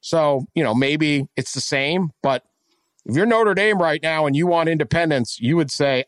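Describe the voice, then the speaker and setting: A man's voice: on the high side, normal speed, dry recording, clean studio sound. A man from West Virginia co-hosting a casual sports talk show, rambling and often correcting himself as he talks. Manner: rambling, self-correcting, animated. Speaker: podcast co-host.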